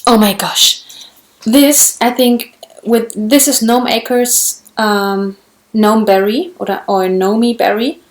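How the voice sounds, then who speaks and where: Slow-talking German woman showing off yarn. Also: fairly high pitch, fairly even intonation. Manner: chatty, restarts often, gushing over yarn. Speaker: knitting vlogger. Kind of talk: casual show-and-tell.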